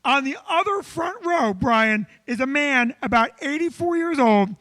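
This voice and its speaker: A man co-hosting a live comedy show, telling a long church story with loud acted-out quotes. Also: extremely high pitch, measured pace, no echo. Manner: animated, loud, acts out quotes. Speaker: comedian co-host. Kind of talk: comic storytelling.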